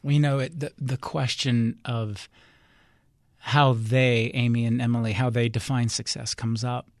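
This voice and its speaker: A man hosting a public radio interview show, speaking in a measured way and closing the program. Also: medium pitch, flat delivery, no room sound, studio quality. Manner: measured, brief murmured acknowledgments.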